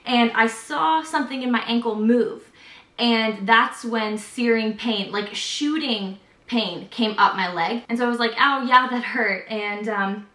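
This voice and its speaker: A woman's voice: a little high, measured pace, a bit bright. A young woman telling a story in a casual vlog, chatty and full of "like", acting out what everyone said. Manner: chatty retelling, heavy on "like" and "I was like", acts out quotes. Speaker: vlogger. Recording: roomy echo.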